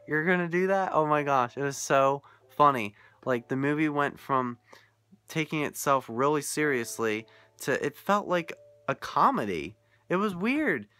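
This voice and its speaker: A man's voice: a little high, pushed and bright, dry recording. A young man ranting casually about a film he watched, incredulous and often laughing. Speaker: vlogger reviewing a film. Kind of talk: casual rant.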